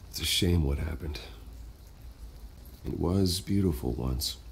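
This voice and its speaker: Bruce Wayne, deep and composed. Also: male voice, slow, exaggerated voice. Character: calm, composed wealthy young man. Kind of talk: video game voice acting.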